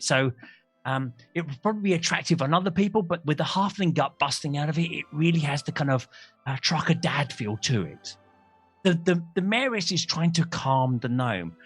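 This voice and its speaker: A man's voice: a little high, lively intonation, moderate pace, fairly bright tone, breathy edge, soft background music. Rambling man running a game. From Australia. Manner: rambling, self-mocking, stumbles over words. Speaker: game master. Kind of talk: narrating a tabletop game.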